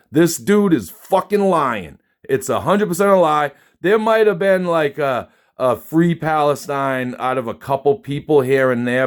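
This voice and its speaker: A man in a casual spoken rant, emphatic and profane, dismissive and often restarting his sentences. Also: on the high side. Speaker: concertgoer recounting a show.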